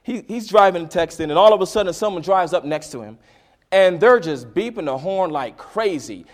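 Male preacher, high voice, dramatic swings from soft to loud, acts out voices, sermon. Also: expressive, moderate pace.

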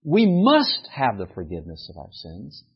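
A man preaching a sermon with animated delivery that rises to emphatic peaks. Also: mid-range voice, moderate pace, vocal fry, husky, dull audio. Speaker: pastor.

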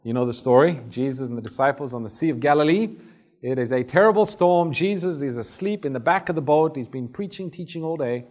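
A man's voice: on the high side, fairly quick, a little mellow. A man preaching a sermon in a conversational manner, acting out Bible scenes as he tells them.

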